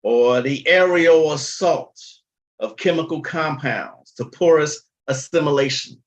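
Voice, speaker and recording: A man putting on a pompous know-it-all who talks in slow, lofty word salad. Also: a little high, dull audio, close to an everyday voice. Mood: mock-pompous. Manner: slow, lofty, mock-intellectual.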